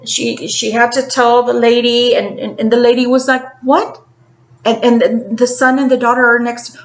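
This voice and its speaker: A woman in a tarot reading video retells a story in a lively, casual way and slips into the quoted voices as she goes. Her voice sits a little high. The sound has a roomy echo. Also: normal speed. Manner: animated retelling, acting out quotes. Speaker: tarot reader.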